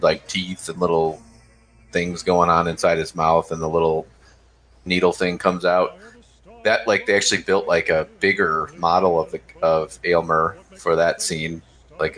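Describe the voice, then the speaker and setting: A man's voice: sits low, pushed and bright, low-quality recording. A man co-hosting a horror film podcast, chatting casually and eagerly sharing trivia. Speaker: podcast co-host. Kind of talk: casual movie review chat.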